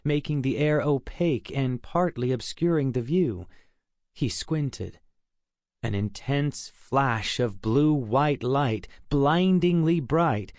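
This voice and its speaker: A man narrating a science fiction audiobook in a steady, measured storytelling manner, recorded on a close studio mic. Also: mid-range voice, dry recording.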